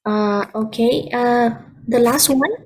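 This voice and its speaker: A woman's voice: fairly high pitch, takes it slowly. A woman English teacher with a Vietnamese accent, explaining patiently over a video call. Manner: explains patiently, switching between languages. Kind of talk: online class instruction.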